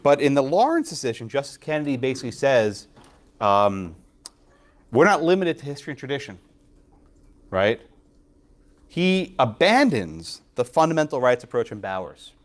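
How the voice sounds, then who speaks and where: A man's voice: mid-range voice, normal speed, long pauses. Law prof guy lecturing, voice jumps up and down a lot, keeps asking "right?". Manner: lively, quizzes students, frequent tag questions. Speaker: law professor. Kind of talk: classroom lecture. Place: lecture classroom.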